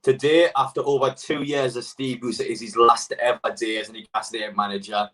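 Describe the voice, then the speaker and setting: A man's voice: mid-range voice, level tone, a little fast, a bit bright, recorded from a distance, poor audio. A young man live-streaming his reaction as a football fan, talking bluntly, swearing freely and reading out chat messages.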